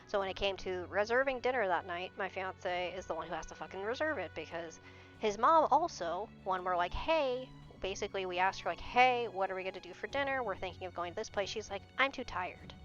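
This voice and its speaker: A woman's voice: mid-range voice, lively intonation, brisk, a bit bright. A young woman streamer telling a story in casual chat, exasperated and swearing often. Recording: dull lo-fi stream audio. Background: faint background music.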